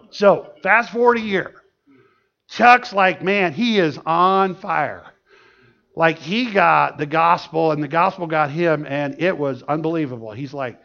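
High gravelly pastor guy telling a story in a sermon, lively, dull lo-fi recording. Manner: animated, laughing storyteller. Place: church. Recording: dull lo-fi sound.

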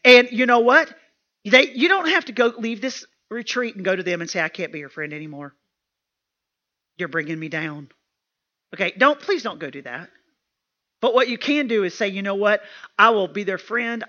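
A woman preaching to a women's retreat with a bright, forceful edge to her voice. She drives her points home by repeating them, in plain, homey language. The recording sounds a little dull and lo-fi. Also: medium pitch. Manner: emphatic and repetitive, with plain homespun talk. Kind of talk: sermon.

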